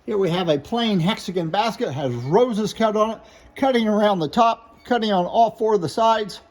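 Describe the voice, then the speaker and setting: A man's voice: sits high, normal speed. A man showing glass pieces for sale, listing names, flaws and prices in a plain, matter-of-fact way. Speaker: glass seller. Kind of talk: product showcase sales talk.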